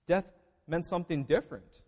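A male pastor preaching a sermon, emphatic, moving between loud declarations and hushed asides. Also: fairly high pitch, brisk, long reverb tail.

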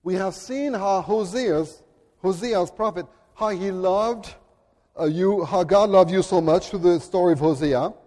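A man with a French accent preaching a sermon in an earnest, deliberate way, at times speaking directly to children. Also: high voice, darkish tone, big-room sound. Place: church.

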